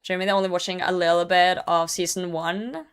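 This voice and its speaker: A woman's voice: fairly low pitch, fairly even intonation, a little fast, smooth. A young woman streaming a game and chatting casually, reading chat messages aloud and laughing often. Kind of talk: casual gaming livestream chat.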